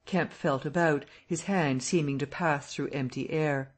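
A man reading a classic novel aloud as an audiobook narrator, telling the story in a steady, even way. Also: on the high side, measured pace.

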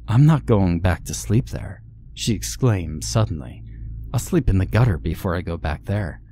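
A man's voice: low voice, lively intonation, moderate pace, dark tone, a little hiss or hum. A man reading the part of a frightened, tearful young woman who fled her home at night. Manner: pleading, tearful. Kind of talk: scripted horror story reading.

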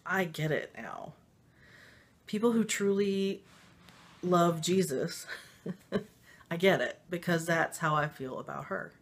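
A woman with a low-pitched voice tells a personal story in a loose, casual way. She rambles, fills pauses with ums and little laughs, and speaks openly and emotionally. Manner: rambling, with frequent fillers and laughs; emotional and confiding. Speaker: spiritual vlogger.

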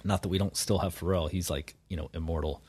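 Low-voiced man riffing opinions. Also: fast, husky, dry recording. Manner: animated, opinionated riffing with many restarts. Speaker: podcast guest, musician. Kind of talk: casual podcast chat.

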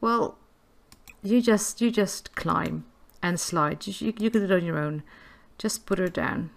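A woman's voice: fairly low pitch, unhurried, gravelly. Giggly woman narrating gameplay. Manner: chatty, giggly, coos at game characters. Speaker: gameplay video creator. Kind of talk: casual gameplay commentary.

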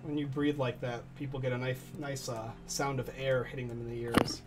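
A man's voice: medium pitch, little pitch movement, fairly quick, distant mic, noisy background. A man playing a board game with friends, teasing them and joking around in casual banter. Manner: teasing, jokey, impatient banter. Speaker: board game show regular.

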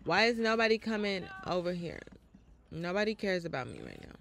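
Fairly quick and creaky, a lowish female voice comes through with a little hiss or hum as she plays a game on stream. She chats with her viewers in a profane, animated, casual style.

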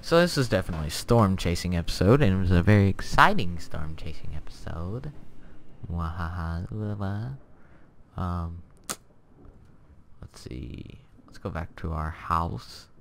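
A young man hosting a casual let's-play, chatty and excitable, with lots of fillers and little laughs to himself, keyboard clicks behind. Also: deep voice, moderate pace, slight background noise. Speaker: gameplay channel host. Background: keyboard typing and clicking.

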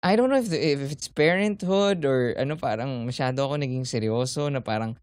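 A man's voice: medium pitch, a little fast, no echo. A man with a Filipino accent co-hosting a podcast, joking and rambling in casual chat. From Philippines. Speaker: podcast co-host.

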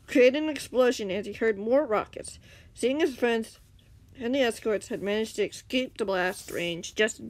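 A woman reading her own fan story aloud, stumbling and laughing now and then. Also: mid-range voice. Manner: reads with slips and giggles, acts out shouted lines. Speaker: fanfiction reader.

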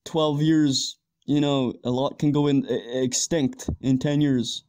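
A young man playing an easygoing average buddy in an amateur audio drama, talking in a casual, calming way. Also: medium pitch, slow, close to an everyday voice.

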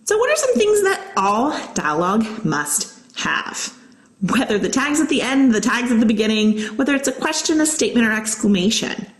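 A woman teaching a grammar lesson as a guest teacher, explaining step by step and slowing down to read out examples. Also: fairly high pitch, sing-song. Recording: echoey room.

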